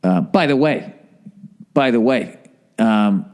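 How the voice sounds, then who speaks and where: A man's voice: medium pitch, lively intonation, slow, a little mellow. Profane, rambling man telling stories. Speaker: podcast host. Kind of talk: casual storytelling monologue.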